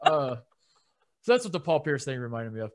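A man's voice: mid-range voice, sing-song, rapid-fire, a little mellow, a little hiss or hum. A man co-hosting a sports podcast, telling stories in a rambling, casual way with frequent laughs. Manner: rambling storyteller, laughs often. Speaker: podcast co-host.

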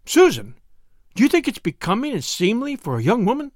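Man doing a shrill, shocked prim mother. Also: wildly swooping pitch, a little fast, no echo, studio quality, full character voice. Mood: aghast. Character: prim, startled older mother, proper and scolding.

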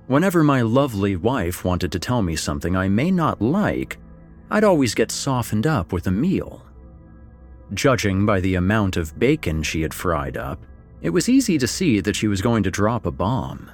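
Male narrator, low and animated, first-person fiction; faint music underneath. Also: normal speed. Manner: expressive, swings between wry and somber. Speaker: story narrator.

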